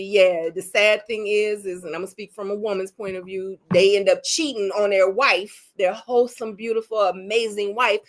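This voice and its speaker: A young adult woman co-hosting a casual live-stream recap, talking animatedly and repeating words for emphasis. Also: medium pitch. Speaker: co-host recapping a dating show.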